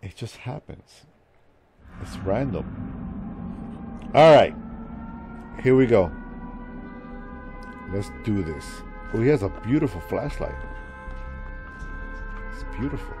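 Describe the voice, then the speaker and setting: A man's voice: on the low side, slow, pauses often, over music. A man in his forties chatting with his viewers and joking around as he streams a game. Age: 40s. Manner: chatty, jokey, talks to chat while playing; lively, swings from mumbling to loud exclamations. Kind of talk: live game stream chat.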